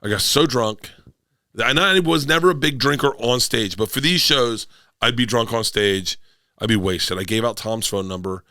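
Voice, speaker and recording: A middle-aged man from Florida, a comedian guest telling rambling stories loudly, swearing often and acting out what people said. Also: medium pitch, normal speed, dry recording, clean studio sound. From Tampa, Florida. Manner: loud, rambling, swears often, acts out quotes. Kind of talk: casual storytelling.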